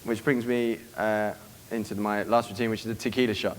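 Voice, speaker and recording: Fast-talking brash man coaching a crowd. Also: lowish voice, flat delivery, a little hiss or hum. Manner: brash, profane, acts out quoted dialogue. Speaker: dating coach giving a seminar. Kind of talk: live seminar talk to an audience.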